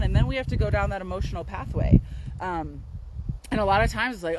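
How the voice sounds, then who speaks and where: A woman's voice: medium pitch, fairly quick. A woman, a naturopathic doctor, chatting casually to a handheld phone camera outdoors on a windy day, full of fillers and "right?" tags. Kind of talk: casual health talk to camera.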